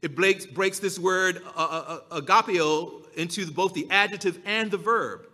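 A man preaching a sermon as pastor, slow and emphatic, drawing out his key words. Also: high-pitched, bright, forceful tone, in a large hall.

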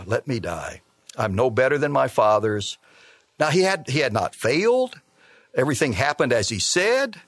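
A man preaching a sermon, reading scripture aloud and explaining it with measured, emphatic delivery. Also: a little high, fairly bright tone, dry recording, studio quality. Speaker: pastor.

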